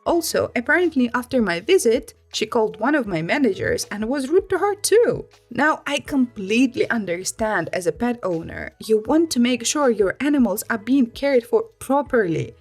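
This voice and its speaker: A woman reading online stories aloud in an expressive, lively storytelling manner. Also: a little high, moderate pace, hardly any pauses, soft background music. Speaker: story reader.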